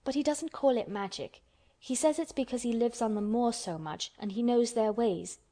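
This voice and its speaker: A woman's voice: a little high, moderate pace, warm tone, close to an everyday voice. A woman voicing a stubborn, contrary orphan girl who speaks bluntly and obstinately.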